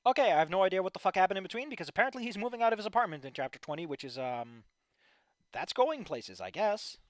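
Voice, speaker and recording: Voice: mid-range voice, sing-song, quick pace, dry recording, clean studio sound. A worn-out streamer giving casual livestream commentary on fan fiction, with a weary, profane, ranting manner.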